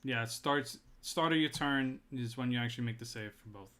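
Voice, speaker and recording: A man acting as game master in a tabletop game, making rules calls in a relaxed, chatty way with plenty of fillers. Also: medium pitch, fairly quick, a little hiss or hum. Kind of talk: running a tabletop game online.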